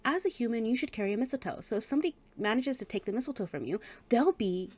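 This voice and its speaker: An eager female demon from a fantasy book spills out her idea in a quick, gushing rush, as a woman retells the scene. The voice sits a little higher than plain talk. It is an everyday voice. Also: lively intonation, a little mellow.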